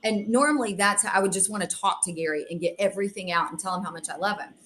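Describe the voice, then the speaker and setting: Animated woman telling stories as a guest. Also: medium pitch, fast talker, slight background noise. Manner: animated, self-described extreme extrovert, acts out dialogue. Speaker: real estate agent, podcast guest. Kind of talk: casual interview storytelling.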